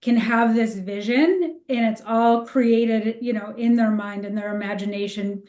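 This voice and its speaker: Woman astrologer chatting on a podcast, highish voice, laughs a lot, echoey room. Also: a little slow, mellow. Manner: reflective, explanatory, laughs easily. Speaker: astrologer co-host. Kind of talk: casual podcast chat.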